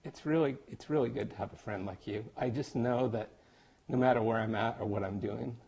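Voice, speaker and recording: A man recording a heartfelt, halting birthday message to his best friend, getting emotional and joking at himself. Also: medium pitch, darkish tone, husky. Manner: emotional, halting, self-deprecating. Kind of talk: personal video message. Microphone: camera.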